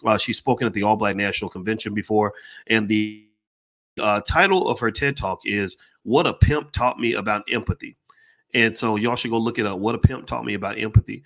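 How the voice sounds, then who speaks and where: A man's voice: on the low side, a little fast, fairly bright tone. A man giving an impassioned speech to a live audience, talking emphatically, repeating himself and asking the crowd whether they follow. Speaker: speaker addressing a live audience.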